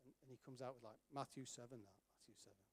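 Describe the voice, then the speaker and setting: A middle-aged man telling an animated story to an audience, acting out the voices of the people in it. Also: medium pitch, quick pace, slightly rough. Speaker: speaker at a charity event. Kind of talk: storytelling talk.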